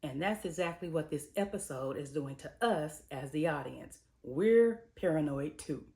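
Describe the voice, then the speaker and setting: A woman's voice: low voice, normal speed. A woman host giving a casual, slangy recap of a TV episode, telling it like a story and acting out the characters' lines. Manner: lively storytelling, slipping into characters' voices; colloquial, slangy. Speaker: TV reviewer and host.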